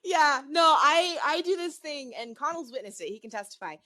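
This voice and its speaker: A woman co-hosting a podcast who talks in a casual chat style, often laughing. She speaks in quick bursts. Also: high voice, lively intonation, pushed and bright. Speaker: podcast co-host and game master.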